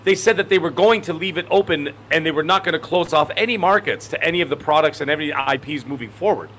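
A man in his forties talks with a bright, tense edge and a fairly high pitch, circling his points and restarting his sentences. Faint noise sits under his voice. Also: fast talker. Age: 40s. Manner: rambling, emphatic, self-correcting. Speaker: podcast co-host. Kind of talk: casual chat.

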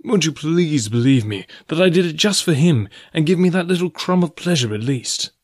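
A man reading the part of a gentle, lovelorn nobleman who speaks in a pleading, earnest way. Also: mid-range voice, animated, a little fast, no room sound, studio quality, natural voice. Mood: sad.

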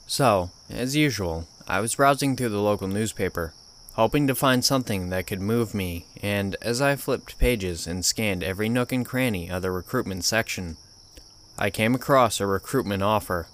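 Lowish male horror story narrator. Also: moderate pace, fairly bright tone, a little hiss or hum. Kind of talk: scripted narration.

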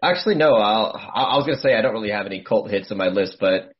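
A man's voice: on the low side, lively intonation, quick pace, lo-fi sound. A man co-hosting a podcast in casual chat, thinking aloud and correcting himself mid-sentence. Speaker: podcast co-host.

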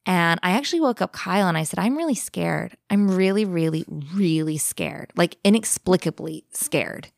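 A woman telling a personal paranormal story in a casual chat, animated, shifting her pace for effect. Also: lowish voice, vocal fry, no echo, clean studio sound. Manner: animated, vivid, speeds up and slows down for effect. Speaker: guest telling a ghost story.

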